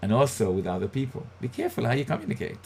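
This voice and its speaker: A man's voice: mid-range voice, huge pitch swings, very fast, creaky, darkish tone, a little hiss or hum. A male pastor giving motivational Bible teaching, emphatic and repeating his key phrases.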